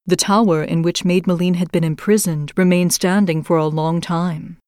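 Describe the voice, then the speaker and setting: A woman with a lowish voice reads an old fairy tale in a measured, even storytelling manner. The recording is close and dry, with no room around her. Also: clean tone, dry recording.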